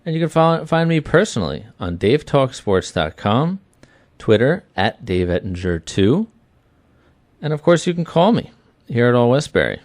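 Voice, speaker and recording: A man in his thirties hosting a sports talk radio show, chatty and energetic, repeating himself for emphasis. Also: medium pitch, normal speed, no echo. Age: 30s. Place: small web radio studio.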